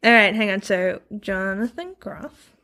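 A woman co-hosting a podcast in casual chat, bubbly and excitable, laughing often. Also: mid-range voice, unhurried. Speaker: podcast co-host.

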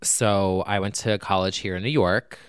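A man's voice: low-pitched, fairly even intonation, normal speed, clean tone, no echo, clean studio sound. A man co-hosting a casual music review podcast, dropping wry, teasing asides. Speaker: podcast co-host.

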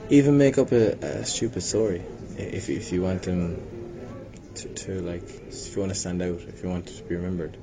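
A man's voice: steady tone, normal speed. A young man from Limerick with an Irish accent, chatting casually about his acting work, rambling and self-deprecating with many restarts. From Ireland. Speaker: actor guest. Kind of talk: casual interview chat. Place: hotel venue. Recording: noisy with low rumble.

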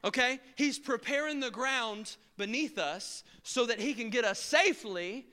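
High, bright-voiced preacher man. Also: measured pace, long reverb tail. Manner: animated storytelling, acting out scenes. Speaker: pastor. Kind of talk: sermon.

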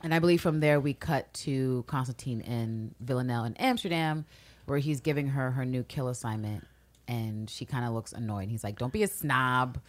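A woman's voice: rumbling low, moderate pace, a little mellow. A woman co-hosting a podcast, chatting casually and with opinions about a TV episode, acting out the characters' lines as she recaps. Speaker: podcast co-host.

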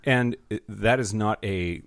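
Male podcast guest from the U.S., very low pitch, dry sound, easygoing and quick to laugh. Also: no echo. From United States. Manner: relaxed, laughs easily. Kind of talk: casual chat.

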